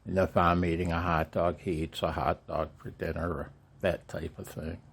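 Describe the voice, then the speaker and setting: An older man in an earnest, halting personal vlog, emotional, with rueful laughs between his words. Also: deep voice, little pitch movement, gravelly, slightly rough. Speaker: amateur radio vlogger.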